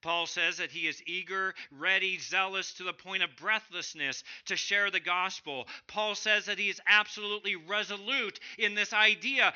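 A man preaching a sermon to his church, swinging between loud emphatic bursts and quiet drops. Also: high-pitched, moderate pace, few pauses, dull audio. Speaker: pastor.

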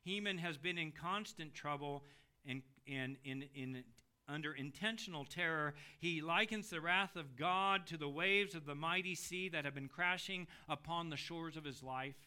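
A middle-aged man delivers a dramatic expository sermon in a smooth voice at a moderate pace, moving between loud pleading passages and hushed, low readings.

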